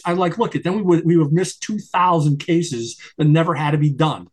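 An older man talking as a guest in an interview, rambling with many restarts and climbing higher when worked up. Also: animated, a little fast, hardly any pauses. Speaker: guest, retired FBI agent and attorney. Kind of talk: conversational interview.

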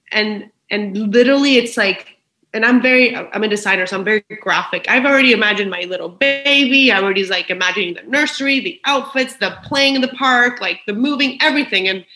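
A woman's voice: on the high side, fairly quick, sharp tone. A woman speaking as a podcast guest in a frank, emotional, personal conversation, swearing freely. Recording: roomy echo.

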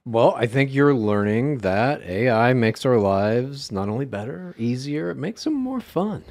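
A man's voice: medium pitch, sing-song, measured pace, darkish tone, dry recording. Matter-of-fact, argumentative male podcast co-host. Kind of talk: casual chat.

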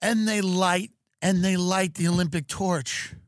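Excitable man on a comic rant. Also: sits high, a little slow. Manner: animated, excitable, full of restarts. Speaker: comedian podcast host.

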